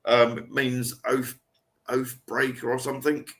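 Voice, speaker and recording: A man's voice: mid-range voice, little pitch movement, unhurried, vocal fry. A man co-hosting a paranormal podcast in casual, rambling chat. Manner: rambling, chatty, with restarts. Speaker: podcast co-host.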